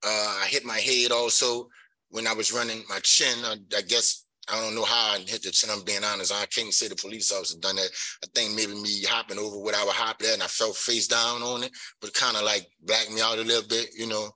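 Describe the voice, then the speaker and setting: A man's voice: fairly low pitch, little pitch movement, fairly quick, pushed and bright, rough recording. A middle-aged man gives rambling, earnest testimony at a parole hearing, filling his account with "you know.". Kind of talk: pleading testimony.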